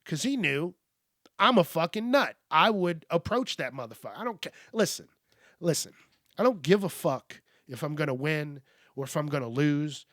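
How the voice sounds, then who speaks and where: A man's voice: fairly high pitch, expressive, moderate pace, fairly bright tone, no room sound, studio quality. A man hosting a podcast, telling a story in a blunt, profane, rambling way. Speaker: podcast host. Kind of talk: casual storytelling monologue.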